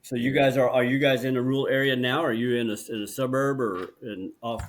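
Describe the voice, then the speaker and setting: A man from Oklahoma hosting a casual interview, chatty and quick to laugh, with lots of short acknowledgements. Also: mid-range voice, steady tone. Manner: friendly, laughs easily, many short acknowledgements. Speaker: interviewer host.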